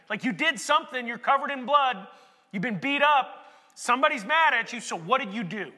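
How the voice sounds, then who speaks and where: A male pastor preaches in a chatty, conversational way that swells into emphatic shouts. His voice is very high and sharply bright. It is recorded in a large hall with a long, ringing reverb. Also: lively intonation, fairly quick. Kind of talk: sermon.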